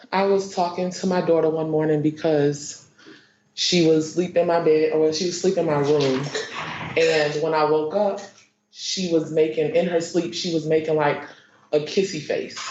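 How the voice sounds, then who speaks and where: A woman giving courtroom testimony, halting and repeating herself with many fillers. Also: low-pitched, steady tone, a little mellow, slight background noise. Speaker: witness. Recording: echoey muffled courtroom stream.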